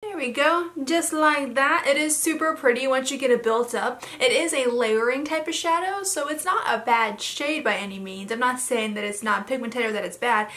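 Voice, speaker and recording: A young woman with a bright, somewhat high voice talks her way through a makeup tutorial in a loose, rambling way, full of fillers. Her throat sounds a little hoarse. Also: normal speed, few pauses. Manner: chatty, rambling with many fillers. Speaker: beauty vlogger. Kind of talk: casual makeup tutorial chat.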